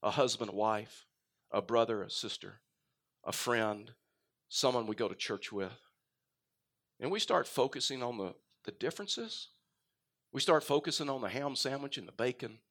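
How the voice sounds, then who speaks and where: A middle-aged man from Texas preaches a sermon, his Texan accent mostly worn away. His voice sits in an ordinary middle range for a man. He builds to loud, emphatic lines, then drops into quiet, fast asides and folksy stories. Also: medium pitch, lively intonation. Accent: faint Texan. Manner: storytelling, rises and drops in volume for emphasis. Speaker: pastor.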